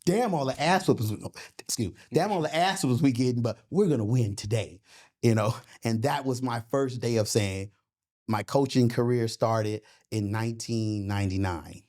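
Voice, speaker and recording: A middle-aged coach of boxing and MMA speaks in a mid-range voice at a normal speed, telling stories in a laid-back interview. He's animated and swears a lot, and keeps asking "you know what I'm saying."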